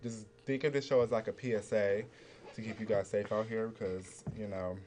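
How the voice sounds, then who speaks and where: A man's voice: fairly low pitch, fairly even intonation, normal speed, noisy background. A young man co-hosting a youth talk show, laid-back and chatty, leaning on fillers. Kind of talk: casual talk-show chat.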